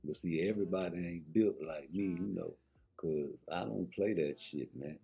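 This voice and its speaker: A man's voice: low-pitched, normal speed, creaky, mellow, breathy edge. A man, ranting about boxing in a profane, heated, rambling way. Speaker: boxing commentary vlogger. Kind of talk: casual opinion rant.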